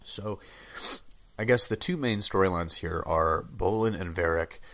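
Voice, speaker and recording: A man's voice: sits low, fairly bright tone. A young man with a sick, under-the-weather voice, casually reviewing a TV episode with lots of fillers and restarts. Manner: rambling, many fillers and restarts. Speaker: TV show reviewer.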